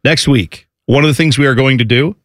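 A man's voice: medium pitch, fairly quick, no echo, clean studio sound. A man hosting a sports radio show, rambling and joking in a loose, casual way.

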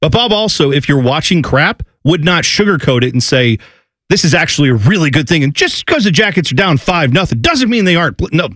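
A man hosting a sports talk show, opinionated and animated, sometimes slipping into exaggerated impressions. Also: fairly high pitch, fairly quick, dry recording. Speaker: sports radio host.

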